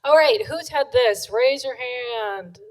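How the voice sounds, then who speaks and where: A woman co-author giving a chatty, animated book talk to a live audience. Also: on the high side, slow, rough recording. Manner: chatty and animated, acts out quotes. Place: event room with an audience.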